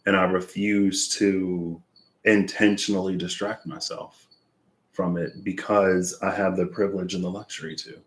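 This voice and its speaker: A man's voice: low-pitched, little pitch movement, measured pace. A man doing a tarot reading, thinking aloud in a rambling, searching way with lots of fillers. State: out of breath. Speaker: tarot reader. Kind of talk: reflective casual monologue.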